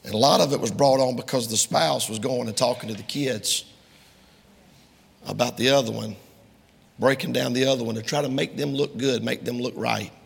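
Gravelly-voiced male preacher in a reverberant hall. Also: mid-range voice, steady tone, normal speed. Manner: emphatic, quotes King James scripture; addresses the congregation directly. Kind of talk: sermon.

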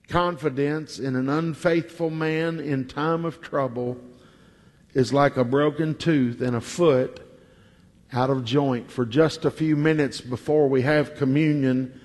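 Slow, high-voiced preacher in a reverberant hall. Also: male voice. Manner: slow, deliberate storytelling with emphatic repetition. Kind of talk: sermon.

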